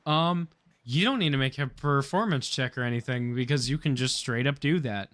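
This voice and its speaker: A man narrating as game master on a video call, easygoing and pausing to check details. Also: mid-range voice, a bit bright. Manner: easygoing, pauses to check rules. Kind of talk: narrating a tabletop game online.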